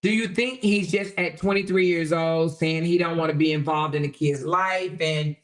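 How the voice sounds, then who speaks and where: A woman's voice: deep voice, steady tone, normal speed. A woman hosting a livestream, talking bluntly and casually to her viewers and reading their comments aloud. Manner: chatty, addresses viewers directly, reads comments aloud; blunt and colloquial. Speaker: livestream host.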